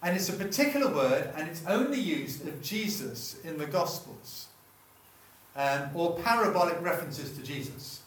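Chatty preacher in an echoey hall. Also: male voice, a little high, expressive, moderate pace, a bit bright. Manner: chatty, self-interrupting, asks the room questions. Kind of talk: sermon. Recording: echoey room, voice from far off.

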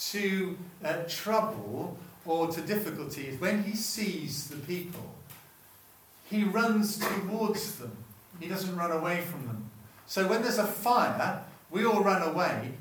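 Preaching in an echoey room, heard from a distance, this man has a high, fairly bright voice with a little hiss or hum on the recording. His sermon is conversational, and he often breaks off mid-sentence to put questions to the congregation.

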